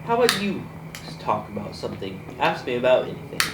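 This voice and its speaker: A man's voice: medium pitch, big pitch swings, fairly quick. A teenage boy hosting a casual podcast chat with his brother, rambling and often laughing. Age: teens. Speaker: host. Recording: echoey room, distant mic, noisy.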